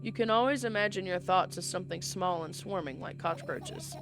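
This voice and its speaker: A woman voicing a calm, coaxing companion voice that speaks inside a game character's head, in a soothing, matter-of-fact way, with soft music behind. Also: on the low side, fairly quick, lightly acted.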